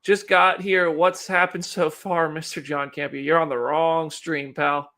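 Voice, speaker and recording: A man's voice: fairly high pitch, level tone, a little slow, bright, forceful tone. A man hosting a casual live stream, chatting with viewers and reading news updates aloud.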